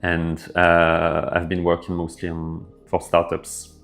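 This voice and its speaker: A man with a French accent, hosting a casual developer livestream and answering viewer questions in a relaxed way with lots of fillers. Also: low-pitched, slow, vocal fry. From France. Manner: relaxed, filler-heavy, thinking aloud. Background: faint background music.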